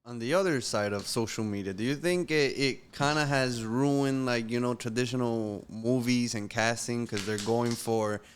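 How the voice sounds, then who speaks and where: A man hosting a casual interview, mostly giving short agreements and asking relaxed questions. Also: medium pitch, normal speed, hardly any pauses, slight background noise. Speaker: interviewer host.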